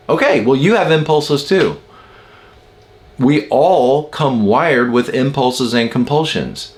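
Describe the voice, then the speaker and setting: A man's voice: mid-range voice, animated, takes it slowly. A man giving a casual spoken lesson on personality types, musing aloud and asking rhetorical questions as he explains. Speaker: personality-type teacher.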